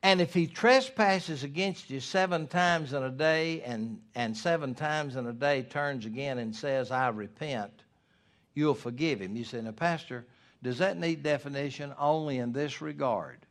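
A middle-aged man, preaching a sermon as pastor, swinging from loud emphasis to hushed asides. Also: medium pitch, unhurried.

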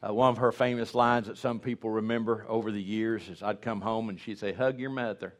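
A man's voice: on the low side, little pitch movement, a little fast. A man in his sixties preaching a humorous, folksy storytelling sermon, rambling and restarting as he jokes.

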